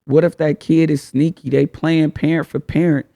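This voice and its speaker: A man's voice: on the high side, little pitch movement, moderate pace, creaky, dark tone. A man hosting a casual advice talk, speaking frankly in slang and firing off rhetorical questions. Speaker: host.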